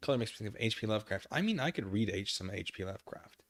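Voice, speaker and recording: A man's voice: on the low side, expressive, quick pace. A man streaming from his living room, chatting casually and reading chat aloud, rambling and self-deprecating.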